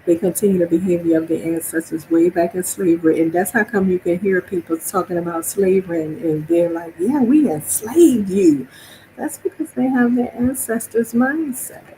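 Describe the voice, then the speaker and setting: A woman's voice: on the low side, a little fast, few pauses, dark tone, slight background noise, low-quality recording. A woman from New Orleans with a New Orleans accent, streaming a casual monologue, chatty and laughing often as she acts out her own reactions.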